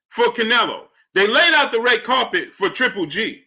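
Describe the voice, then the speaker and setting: A man's voice: very high voice, big pitch swings, moderate pace, hardly any pauses, sharp tone, husky. A man hosting a live stream, talking casually and emphatically, repeating his points and greeting his viewers.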